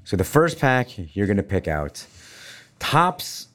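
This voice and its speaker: Animated, teasing man hosting a chat. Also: on the low side, slow pace. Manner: animated, playful teasing, talks to listeners as folks. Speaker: podcast host. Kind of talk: casual chat.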